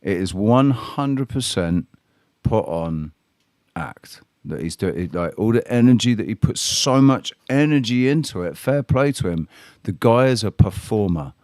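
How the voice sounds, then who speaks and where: A man's voice: fairly low pitch, expressive, unhurried, darkish tone, dry recording, studio quality. A man, chatting casually and bluntly as a host, with a lot of swearing. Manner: blunt, sweary, laid-back. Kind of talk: casual chat.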